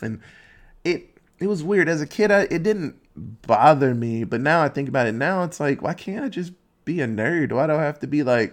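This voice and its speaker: Animated, profane man ranting casually. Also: a little high, moderate pace. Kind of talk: casual monologue.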